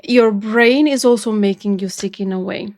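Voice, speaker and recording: A woman's voice: medium pitch, moderate pace, darkish tone. A woman from Romania hosting a music reaction video, talking earnestly and emotionally and repeating phrases for emphasis. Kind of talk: casual reaction commentary.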